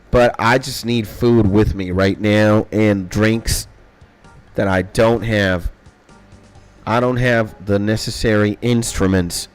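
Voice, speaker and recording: A young man streaming a game, rambling excitably in casual chat and swearing a lot. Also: lowish voice. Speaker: gaming streamer. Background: faint background music.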